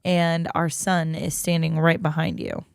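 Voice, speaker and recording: Woman cohost, kinda low voice, chatty, jumps in a lot, dry sound. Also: steady tone, vocal fry, clear, resonant tone, dry recording. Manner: chatty, quick interjections and backchannels. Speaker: podcast co-host. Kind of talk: casual chat.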